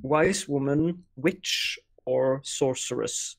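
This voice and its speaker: A man from Norway co-hosting a podcast in casual chat, speaking in a measured, slightly formal way with hesitant fillers. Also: mid-range voice, gravelly. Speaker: podcast co-host.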